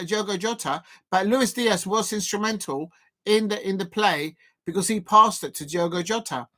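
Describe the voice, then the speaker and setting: During a live football watch-along, a man with a high-pitched voice commentates loosely, with many fillers and restarts. He turns excitable at the key moments.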